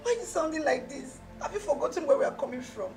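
A woman's voice: sits high, sing-song, fast, darkish tone, soft background music. A woman playing a jilted young ex-girlfriend, scheming and melodramatic, who stammers as she talks. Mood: self-pitying. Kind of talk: amateur drama acting.

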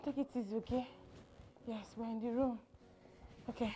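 A woman's voice: on the high side, steady tone, normal speed, mellow, faint music behind, natural voice. A woman playing a young woman tending a drunk man. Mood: soothing.

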